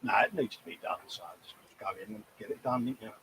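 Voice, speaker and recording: Bloke nattering on a hobby stream, jokey and self-mocking, middle pitch, bit of hiss. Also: male voice, expressive, quick pace, fairly bright tone, rough recording. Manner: chatty, jokey, self-mocking, breaks into quoted voices. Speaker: co-host of a model-building livestream. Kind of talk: casual chat.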